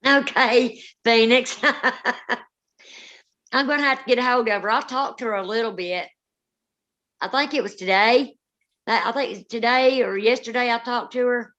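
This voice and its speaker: A woman's voice: on the high side, normal speed, long pauses, a bit bright, muffled recording. A woman, co-hosting a paranormal live stream, telling rambling family stories with many restarts. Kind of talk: casual live-stream storytelling.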